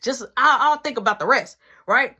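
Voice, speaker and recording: A young woman telling a storytime vlog story, animated, acting out scenes with whispered dialogue. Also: high voice, moderate pace.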